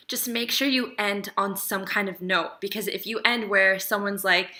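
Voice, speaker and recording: A woman's voice: mid-range voice, fairly even intonation, moderate pace, few pauses, bright, forceful tone. A woman talking casually to camera, giving relationship advice in a chatty, emphatic way and often checking in with the viewer.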